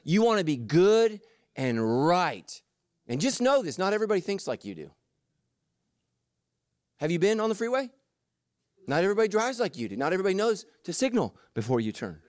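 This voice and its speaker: A man preaching a sermon, animated and jokey, acting out the story's voices. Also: sits high, brisk, long pauses, dry recording, studio quality. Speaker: pastor.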